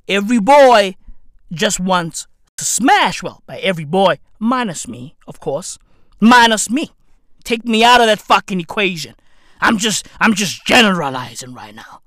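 A man doing a comedic gossip rant, profane and slangy, repeating lines for emphasis and bursting into shouts. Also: high voice, no echo, studio quality. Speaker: commentator.

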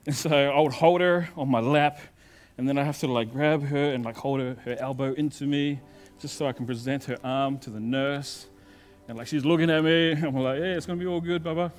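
A male pastor preaching a sermon in a conversational storytelling way, moving between loud emphasis and quiet asides. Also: mid-range voice, normal speed, soft background music.

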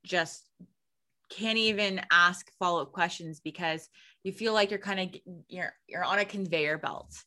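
Woman host, low-ish and bright, thoughtful conversational delivery. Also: normal speed. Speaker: podcast host. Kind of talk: casual conversation.

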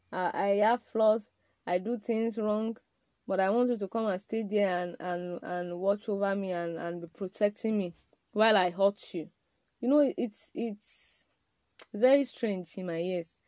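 Woman, podcast sermon style, emphatic, direct, mellow tone, dry recording. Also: mid-range voice, no room sound. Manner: emphatic, addresses men directly, rhetorical questions. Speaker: podcast speaker on marriage. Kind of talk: preaching-style talk.

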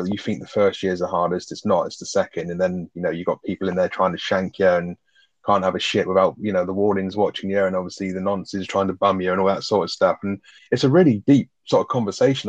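Fast-talking low-voiced man. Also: no room sound, highs cut off. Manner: swears freely, enthusiastic retelling. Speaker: podcast co-host. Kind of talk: casual film review chat.

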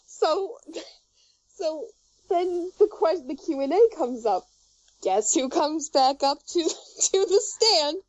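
A woman's voice: sits high, expressive, takes it slowly, darkish tone, no room sound, dull audio. A woman on a podcast telling a story in casual chat, laughing often and swearing freely. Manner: laughs often through her story, loose and profane.

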